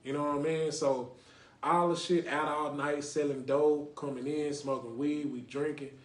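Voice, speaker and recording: A man hosts a laid-back podcast, talking in loose runs that keep circling back to "you know what I mean". His voice sits a little high for a man, and it bounces around an echoey room. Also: fairly even intonation, normal speed. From Lake Highlands, North Dallas, Texas. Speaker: podcast host. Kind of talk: casual podcast talk with call-ins.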